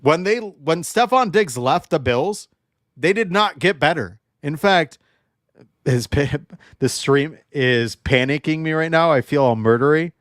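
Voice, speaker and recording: A man's voice: fairly high pitch, expressive, unhurried, fairly bright tone, no room sound, studio quality. A young adult man hosting a livestream football show, emotionally charged and ranting while joking with his chat. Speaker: sports show host.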